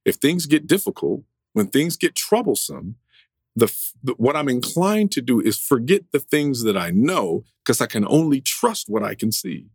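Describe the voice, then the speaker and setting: A man's voice: mid-range voice, very animated, moderate pace, a little mellow, husky, no room sound, studio quality. A man preaching a sermon as pastor, in a conversational style with occasional restarts. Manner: conversational preaching, varied delivery, brief restarts.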